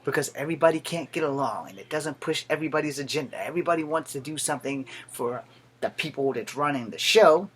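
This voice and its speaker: A man's voice: fairly high pitch, fast talker, a bit bright, slightly rough. A man in his thirties, a veteran, giving a blunt, profane and heated political rant to the camera. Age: 30s.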